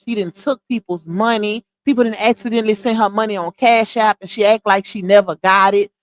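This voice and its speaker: A woman's voice: mid-range voice, steady tone, a little fast. A woman hosting a livestream, giving blunt, scolding gossip commentary straight to her viewers.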